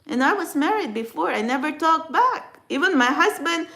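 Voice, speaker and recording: A woman's voice: sits high, lively intonation, normal speed, sharp tone. A woman whose first language is a Filipino dialect, vlogging about her past in a rambling, emotional way with many restarts. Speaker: spiritual vlogger. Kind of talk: emotional personal vlog.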